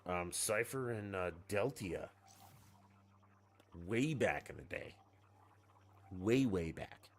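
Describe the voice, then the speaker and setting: A man's voice: fairly low pitch, animated, takes it slowly, long pauses. A man chatting casually on a live game stream, rambling and swearing freely after a few drinks. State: has been drinking.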